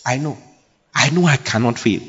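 A man preaching a sermon to a congregation, emphatic and repetitive, building up to shouts. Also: medium pitch, moderate pace, slightly rough. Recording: dull lo-fi recording with long hall reverb.

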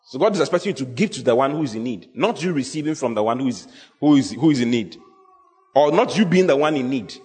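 A pastor preaching a sermon, emphatic and repetitive, often quizzing the congregation. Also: male voice, medium pitch, animated, quick pace, darkish tone. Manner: emphatic, repeats key phrases, asks the congregation questions. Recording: long hall reverb.

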